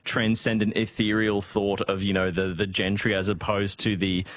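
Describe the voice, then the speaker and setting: A man's voice: fairly low pitch, flat delivery, normal speed, a bit bright, dry recording. A man co-hosting a talk show, chatting in a jokey, rambling way. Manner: jokey, rambling, laughs often. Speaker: co-host. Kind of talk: casual chat.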